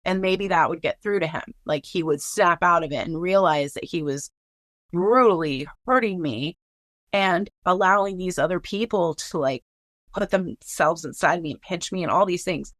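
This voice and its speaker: A woman's voice: on the low side, moderate pace, fairly bright tone, no room sound, studio quality. A woman recounting a personal story in casual, blunt speech, swearing freely and filling with "like".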